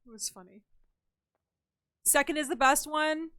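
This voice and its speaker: A chatty young woman with a high, light voice, streaming a game and talking off the cuff. She swears freely and answers comments from her chat as she plays. Her talk is loose and conversational. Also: measured pace, pushed and bright, no echo. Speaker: gaming streamer. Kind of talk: casual chat while playing a game.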